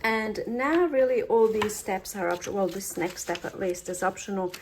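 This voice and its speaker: A woman's voice: mid-range voice, steady tone, normal speed, darkish tone, a little hiss or hum. A woman giving a casual step-by-step craft tutorial from her home workspace, chatting as she works and dropping offhand asides. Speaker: crafter demonstrating a project.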